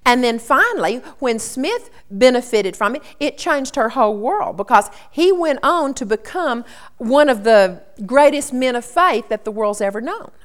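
A woman's voice: a little high, animated, moderate pace. A woman preaching a sermon in an earnest, storytelling teaching tone.

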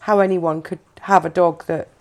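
A woman's voice: lowish voice, steady tone, moderate pace. A woman hosting a podcast, chatting casually and telling stories about her dog, laughing often. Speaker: podcast host. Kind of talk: casual chat.

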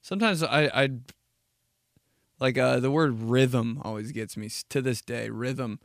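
A young man hosting his own podcast, telling loose, profane stories with quick asides. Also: mid-range voice, creaky, no room sound, clean studio sound. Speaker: podcast host. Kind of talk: casual solo podcast monologue.

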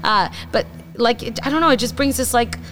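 A woman talking casually on a Christian podcast, chatty and animated, full of "like" fillers. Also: on the high side, brisk, soft background music.

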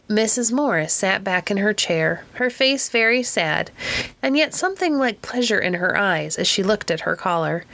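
A woman reading an audiobook narration in a calm, even storytelling manner. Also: on the low side, normal speed, a little hiss or hum. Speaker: audiobook reader. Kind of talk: scripted narration.

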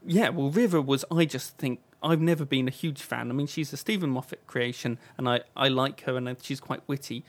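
A man's voice: medium pitch, steady tone, fairly quick, few pauses. A man hosting a podcast, giving his opinions in casual chat and reading mock news items. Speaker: podcast host.

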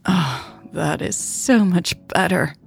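A woman's voice: fairly low pitch, takes it slowly, vocal fry, husky, exaggerated voice. A woman narrator voicing a weary young woman with a dry, joking way of talking in an audiobook. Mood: wry.

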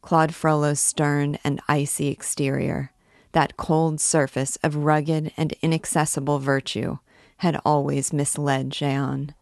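A woman reading a classic novel aloud with steady, expressive delivery. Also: sits low, unhurried, creaky, no echo, studio quality. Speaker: reader.

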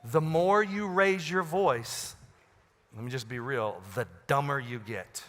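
A male pastor preaching a sermon, swinging from loud emphasis to quiet, low asides. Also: takes it slowly, big-room sound. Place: large church auditorium.

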